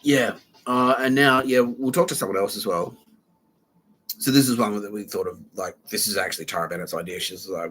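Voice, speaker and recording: A man's voice: fairly low pitch, a little fast, pushed and bright, slight background noise. A young man hosting a comedy podcast, rambling through a profane comic monologue, laughing and acting out quoted voices.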